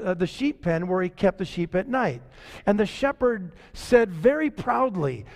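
A man with a high-pitched voice preaches a sermon as the pastor. He talks in a relaxed, conversational way and slows down to stress his key lines. His voice carries a long reverb, as in a large hall.

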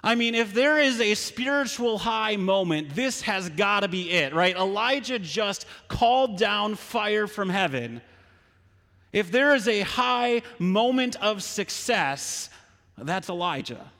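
High-voiced pastor guy preaching, tells it like a story, keeps asking "right?", long hall echo. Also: lively intonation, takes it slowly, bright, forceful tone. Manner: storytelling, rhetorical questions. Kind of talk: sermon.

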